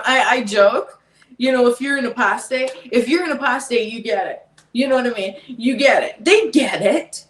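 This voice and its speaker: A woman hosting a podcast, talking casually in an exasperated way, laughing and repeating herself. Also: on the high side. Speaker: podcast host. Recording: echoey room.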